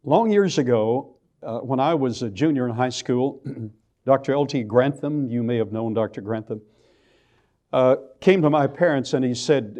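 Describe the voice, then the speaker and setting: Older Texan man, church lecturer, warm low-key timbre, folksy and emphatic. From Texas. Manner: folksy storytelling with slow emphatic stresses. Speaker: creationist lecturer.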